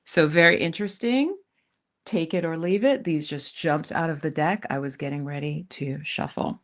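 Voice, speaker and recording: A woman's voice: low-pitched, normal speed. A woman hosting a tarot live stream, chatting casually with viewers in a rented countryside room. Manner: chatty, warm asides to viewers, frequent "you guys". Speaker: tarot reader, channel host.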